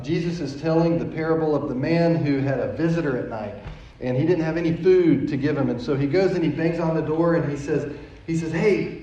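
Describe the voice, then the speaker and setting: A pastor preaches a sermon, telling a story conversationally and often repeating words as he goes. His voice is on the high side and mellow, recorded echoey and dull from a distant mic.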